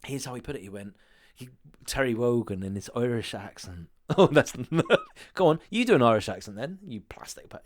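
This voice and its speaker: A man's voice: medium pitch, normal speed. English guy rambling on a podcast, laughing a lot, voice swings all over. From south of England. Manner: rambling, laughs often, animated storytelling. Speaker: podcast co-host. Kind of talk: casual chat.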